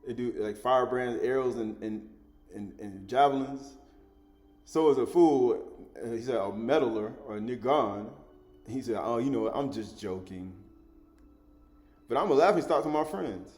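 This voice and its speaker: Speaking at a moderate pace and medium pitch, a man preaches in a lively teaching manner, repeating himself, rewording his points, and chuckling now and then.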